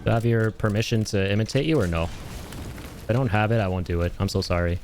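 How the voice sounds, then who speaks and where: Excitable streamer with a low voice. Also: male voice, fairly quick, a little hiss or hum. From Canada. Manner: excitable, swears and yells at the game. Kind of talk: casual live-stream gaming chat.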